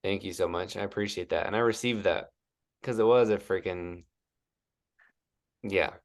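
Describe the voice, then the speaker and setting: Male guest coach, deep and creaky, loose chatty delivery full of "like". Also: normal speed. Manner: rambling, heavy use of "like". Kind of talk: casual podcast interview.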